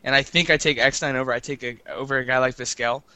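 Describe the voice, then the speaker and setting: A man's voice: mid-range voice, steady tone, quick pace, bright, forceful tone. A man co-hosting a casual sports talk show, rambling and teasing his co-host, often stammering over restarts. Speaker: podcast co-host.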